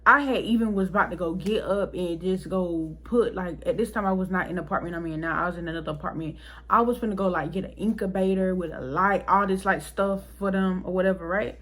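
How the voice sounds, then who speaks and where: A young woman vlogger telling a personal story to her viewers in a casual, animated and emotional way, speaking straight to them and swearing freely. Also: lowish voice, a little fast.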